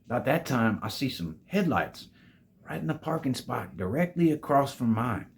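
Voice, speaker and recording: A man's voice: mid-range voice, big pitch swings, normal speed, vocal fry, slight background noise. A man casually telling a storytime tale to his viewers, laid-back and full of swearing, calling them babies. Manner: profane, laid-back, calls listeners "babies".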